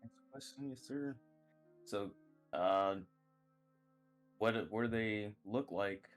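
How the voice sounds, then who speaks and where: Low-voiced man playing a tabletop game. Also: takes it slowly, faint music behind. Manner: hesitant, filler-heavy. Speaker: player.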